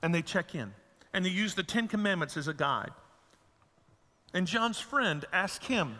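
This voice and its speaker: A man's voice: high-pitched, animated, measured pace, pauses often, pushed and bright, big-room sound. A man preaching a sermon as a pastor, folksy and humorous, telling stories to his congregation.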